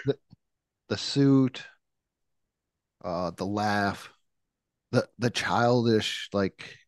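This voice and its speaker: A man from New York co-hosts a podcast, speaking extremely slowly at a fairly low pitch as he rambles through stories in casual chat. He acts out quotes and laughs often. The studio-quality recording has no room sound.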